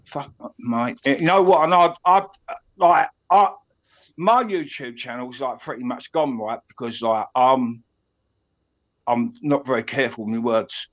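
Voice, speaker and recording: Middle-aged cockney bloke calling in, rambly, keeps restarting, kinda muffled lo-fi line. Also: male voice, mid-range voice, measured pace, a bit bright. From East London. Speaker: caller on a stream. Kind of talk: casual chat.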